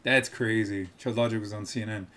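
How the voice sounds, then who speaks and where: A man's voice: lowish voice, fairly even intonation, brisk, a bit bright. A man streaming live, rambling and laughing as he mocks people and tries out impressions.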